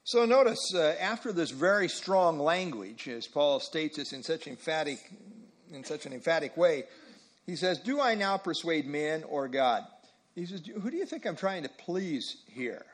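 A man's voice: on the high side, big pitch swings, normal speed. A man teaching a Bible study group, emphatic and repeating phrases for stress.

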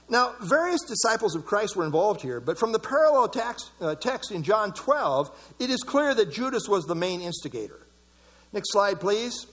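A man preaching an expository sermon, reading scripture and quotes aloud and adding animated, chuckling asides. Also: high-pitched, normal speed.

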